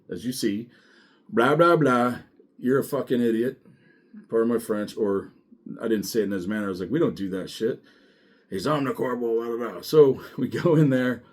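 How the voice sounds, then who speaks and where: A man's voice: fairly low pitch, moderate pace, dark tone. A man who once served as a deputy, casually telling a profane story about his police work, laughing as he goes. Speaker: former sheriff's deputy.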